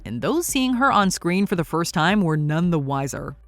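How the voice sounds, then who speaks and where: A woman's voice: fairly low pitch, big pitch swings, moderate pace, dry recording, soft background music. Upbeat woman narrating a countdown.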